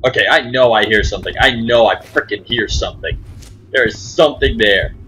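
A man's voice: medium pitch, fairly quick, pushed and bright, a little hiss or hum, poor audio. A young man hosting his own gaming channel, giving jumpy, frightened commentary on a horror game and muttering to himself.

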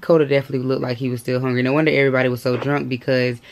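Hoarse young woman vlogging casually. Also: rumbling low, flat delivery, rapid-fire. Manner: chatty, storytelling, slangy. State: hoarse, lost voice. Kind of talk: casual vlog chat.

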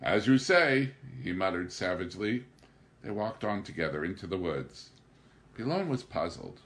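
Male audiobook reader, low voice, animated delivery, steady narration. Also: moderate pace. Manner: raises pitch and volume for dialogue, narrates evenly. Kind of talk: scripted narration.

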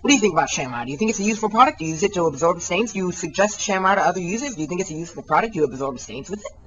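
Woman, mock infomercial huckster, quick repetitive patter, roomy far-off sound. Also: lowish voice, lively intonation, muffled recording. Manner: rambling, repetitive sales patter. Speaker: parody infomercial pitchman. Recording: echoey room, far from the mic.

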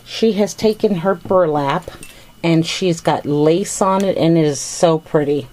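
A woman's voice: fairly low pitch, a little slow, darkish tone. A middle-aged woman chatting casually while unboxing a gift package, gushing with thanks over each item. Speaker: vlogger opening a gift package.

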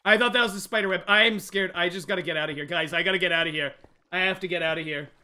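A young man streaming a game live, jumpy and excitable, talking straight to his chat. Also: high-pitched, fast talker. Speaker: gaming livestreamer. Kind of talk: live let's-play commentary.

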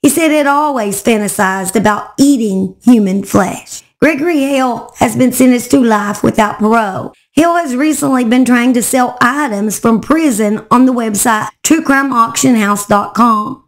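A woman, hoarse and cracking, chatting to viewers as she tells a true crime story. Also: a little high, moderate pace, few pauses. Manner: chatty, talks straight to viewers.

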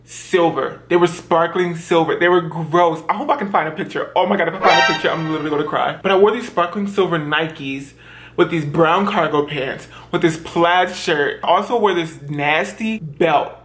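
A man's voice: fairly high pitch, moderate pace, a bit bright, faint music behind. A young adult man chatting through a hair tutorial, dramatic and self-mocking as he tells embarrassing stories. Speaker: beauty vlogger. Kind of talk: chatty get-ready-with-me storytime.

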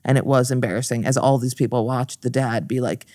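Brash, animated female podcast guest; storyteller who swears freely. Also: a bass voice, a little fast, dry recording, studio quality. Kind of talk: casual chat, storytelling.

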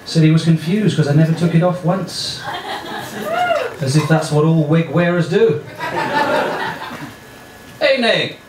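An English man doing stand-up, dry and offhand as he teases people in the crowd. His voice sits a touch high. The echoey small club has loud noise under him. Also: moderate pace. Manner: deadpan, offhand, chatting with the crowd. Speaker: stand-up comedian. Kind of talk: stand-up comedy set. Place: small comedy club stage.

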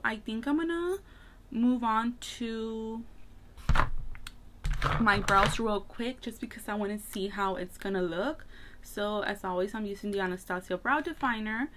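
A woman vlogger chats casually as she does her makeup. She rambles and fills her talk with little filler words. Her voice sits at an ordinary middle pitch. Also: unhurried, a bit bright. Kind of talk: casual get-ready-with-me chat.

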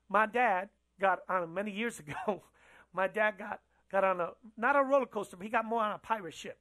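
In a church sermon, this pastor talks in a conversational way, questioning the audience and repeating phrases for emphasis. The voice is mid-range and a bit bright.

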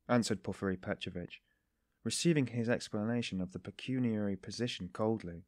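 A man reading a classic novel aloud as an audiobook narrator, in a steady, even manner. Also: fairly low pitch, fairly quick, dry recording, clean studio sound. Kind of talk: scripted narration.

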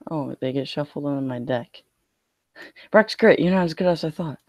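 A man's voice: on the high side, normal speed, no room sound. A young man streaming a card game, complaining in a whiny, mock-scared way. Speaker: gaming streamer.

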